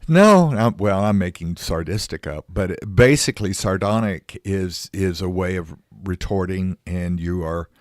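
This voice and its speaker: A man co-hosting a podcast who speaks in a halting, playful way with many "uh" pauses. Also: low-pitched, no echo, studio quality. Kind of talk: casual podcast discussion.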